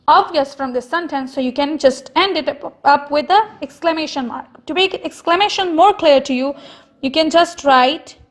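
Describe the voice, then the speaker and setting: A woman teacher from Pakistan giving a recorded lesson to young pupils, explaining slowly and repeating example sentences with stress. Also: high voice. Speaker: school teacher.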